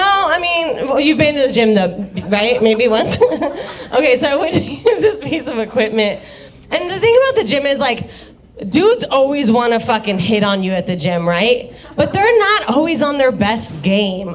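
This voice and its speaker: A young woman doing a rambling, profane stand-up set in a bar, often laughing at her own jokes. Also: a little high. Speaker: stand-up comedian. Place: dive bar comedy stage.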